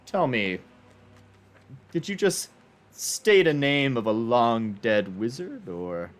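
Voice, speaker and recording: A man voicing a pale, haughty male collector who talks in a measured, bargaining way in a tabletop game. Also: medium pitch, sing-song. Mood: wary.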